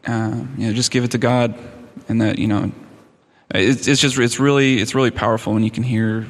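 A man sharing his story haltingly, with many fillers and restarts, from off-mic in a hall. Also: medium pitch, fairly even intonation.

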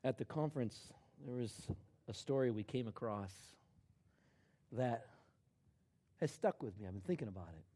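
A middle-aged man preaching a sermon, dropping to a hush and then rising to loud, emphatic shouts. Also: medium pitch, expressive, normal speed, pauses often, husky. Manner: swings from hushed to shouting in acted quotes. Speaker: pastor.

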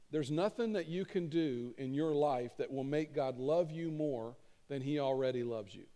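A man's voice: mid-range voice, dark tone. A middle-aged man preaching a sermon as pastor, conversational and earnest, repeating key lines for emphasis. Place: church auditorium stage. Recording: long reverb of a large hall.

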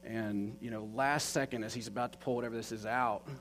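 A man's voice: medium pitch, fairly even intonation, a little fast, fairly bright tone, rough recording. A man telling a personal story in an earnest, conversational way, with many fillers. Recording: faint mains hum.

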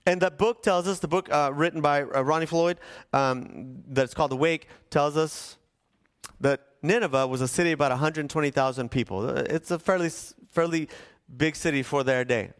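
Pastor, male, from Southern California, smooth resonant voice, animated sermon storytelling. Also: fairly high pitch. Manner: animated storytelling, shifts between fast and slow.

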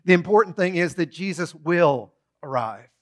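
His voice is high and his pace moderate as he preaches, animatedly recounting a story and performing short quoted bits.

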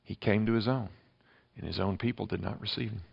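A man preaching a sermon, emphatic, with sharp swings between loud and quiet. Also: on the low side, steady tone, fairly quick, vocal fry, husky, muffled recording. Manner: emphatic preaching with dramatic shifts in loudness. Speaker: pastor.

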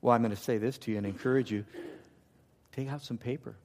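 A man preaching a sermon, swinging from loud emphatic lines to hushed, intimate ones. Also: mid-range voice, fairly even intonation, quick pace. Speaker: pastor.

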